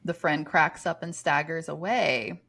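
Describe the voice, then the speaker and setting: A woman's voice: low voice, steady tone, unhurried, gravelly, a bit bright. A woman co-hosting a podcast, chatting casually and reading listener comments aloud, amused and laughing often. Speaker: podcast co-host.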